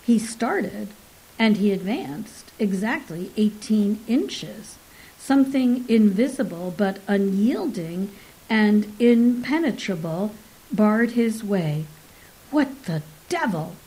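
Slow, measured woman narrating a story. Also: medium pitch, animated, warm tone, poor audio.

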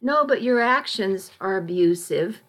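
A woman's voice: mid-range voice, animated, unhurried, fairly bright tone. A woman reading as a weary, blunt husband. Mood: reproachful. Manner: blunt, reproachful. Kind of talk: audiobook reading.

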